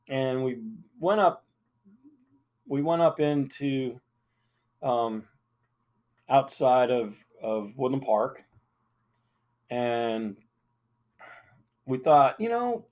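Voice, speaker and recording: A middle-aged man hosting a podcast, telling a long story in a rambling, casual way, full of fillers and restarts. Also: medium pitch. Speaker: podcast host.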